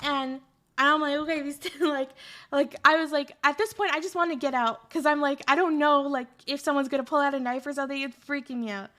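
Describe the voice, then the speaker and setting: A woman streamer telling a story in a casual, animated, rambling way with lots of fillers. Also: high voice, fast.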